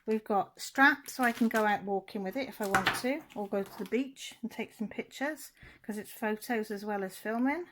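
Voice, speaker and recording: A woman's voice: mid-range voice, normal speed, very noisy. A woman vlogger, chatting casually while unboxing, gushing and near tears.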